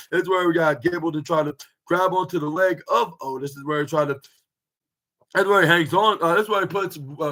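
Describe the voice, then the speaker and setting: A man's voice: fairly high pitch, a bit bright, rough recording. Rambling man recapping wrestling, fillers. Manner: rambling, many fillers and restarts. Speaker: podcast host reviewing wrestling. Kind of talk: casual recap, play-by-play retelling.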